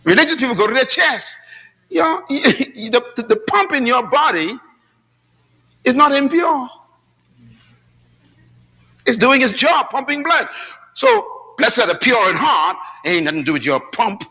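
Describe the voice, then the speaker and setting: With big pitch swings and a husky voice, a man preaches as pastor at a measured pace, pausing often. His dramatic delivery shifts from shouts to low asides, and he tells stories with quoted dialogue as the church congregation responds.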